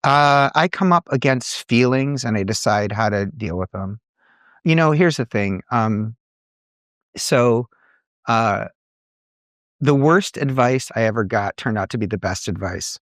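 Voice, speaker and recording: A middle-aged man, an entrepreneur and coach, telling earnest, animated stories in a podcast conversation. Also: mid-range voice, a little slow, no echo, studio quality. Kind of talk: conversational storytelling.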